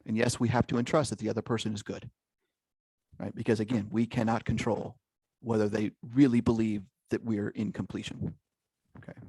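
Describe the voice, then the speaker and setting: A man's voice: on the low side, little pitch movement, a little fast, warm tone, husky, no room sound. A man leading an interactive online workshop over a video call, engaging his audience and checking in with frequent questions. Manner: engaging, peppers talk with "okay?" and "right?". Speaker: workshop leader.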